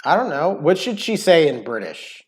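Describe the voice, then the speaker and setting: A man chatting on a live stream in a loose, rambling way. His pitch swings up and down a lot as he jokes around and trips over his own words. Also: very animated, moderate pace, heavy background noise. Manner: rambling, joking, repeats words while talking. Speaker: co-host of a live cooking stream. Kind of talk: casual live-stream chat.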